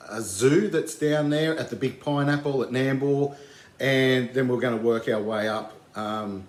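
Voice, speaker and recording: An Australian man in middle age talks through a casual vlog update. He wanders from thought to thought and leans on fillers. His voice sits at an ordinary pitch, and the room gives it a noticeable echo. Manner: rambling, easygoing, many fillers. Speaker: vlogger. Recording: roomy echo.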